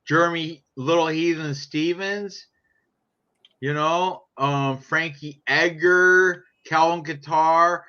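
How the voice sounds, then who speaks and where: Brash, profane man, bright lo-fi voice. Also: on the high side, steady tone, takes it slowly, clean tone. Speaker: sports picks podcaster. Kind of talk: casual sports chat. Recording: dull lo-fi sound.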